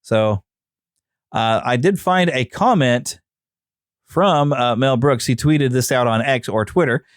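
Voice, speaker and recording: A podcast host talks casually on his own, reading aloud from notes and dropping in frequent "uh" fillers. His medium-pitched voice moves slowly, and the studio-quality recording has no room sound.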